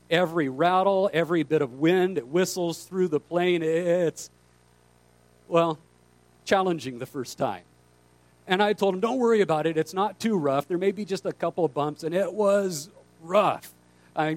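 Delivering a sermon, this pastor brings a story to life by performing the quoted dialogue of each character. He's an animated storyteller whose voice runs somewhat high.

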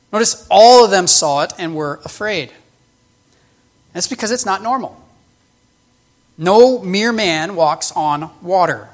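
A man preaching a sermon, explaining the text in an earnest, emphatic way with frequent restarts. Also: a little high. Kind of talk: sermon teaching.

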